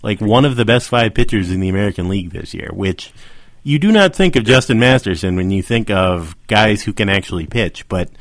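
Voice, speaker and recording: A man with a fairly low voice co-hosts a casual podcast. He talks in a chatty, wry way and drifts into asides. The sound is dry, with no room around it. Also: animated, brisk, no echo. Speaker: podcast co-host. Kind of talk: casual chat.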